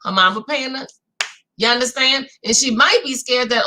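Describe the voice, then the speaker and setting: This recap host has a high voice and keeps a moderate pace. She's from New Orleans, Louisiana, with the accent to match, and she breezily runs through a reality show for her audience, lively and talkative, addressing everyone as "y'all."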